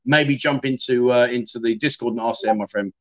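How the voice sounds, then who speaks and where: A man's voice: medium pitch, fairly even intonation, a little fast. A middle-aged man hosting a casual livestream, reading viewer comments and chatting in a self-deprecating way. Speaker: livestream host.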